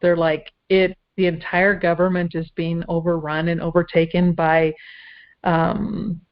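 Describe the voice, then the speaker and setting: A woman from Minnesota talks as a guest, rambling and hesitant, filling pauses with ums. Her voice sits on the low side. The sound is dull and lo-fi. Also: little pitch movement. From Minnesota, USA. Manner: rambling, hesitant, many fillers. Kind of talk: casual conversation. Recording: dull lo-fi audio.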